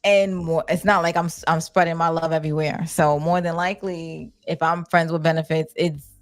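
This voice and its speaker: A woman's voice: deep voice, level tone, moderate pace, soft background music. A young adult woman, hosting a live chat, candid and blunt, reading viewer comments. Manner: candid, blunt, swears casually. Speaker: livestream host.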